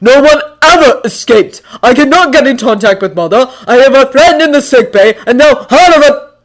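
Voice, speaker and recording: A fanfiction reader voicing an enraged male thunder god who shouts his lines well above their own voice. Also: sits high, lively intonation, moderate pace, pitched above the performer's own voice. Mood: furious. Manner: shouting, outraged.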